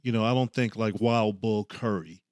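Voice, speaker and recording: A man co-hosting a casual wrestling podcast, talking in a relaxed way with many fillers. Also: lowish voice, moderate pace, clear, resonant tone, dry recording, clean studio sound. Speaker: podcast co-host, former referee. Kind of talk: casual sports chat.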